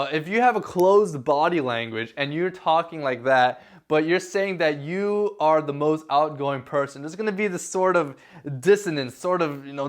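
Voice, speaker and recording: A young man chats to camera in a loose, easygoing way, leaning on "you know" and restarting his words. His voice sits a little high for a man. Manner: laid-back, filler-heavy, repeats words. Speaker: vlogger. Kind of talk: casual talk to camera.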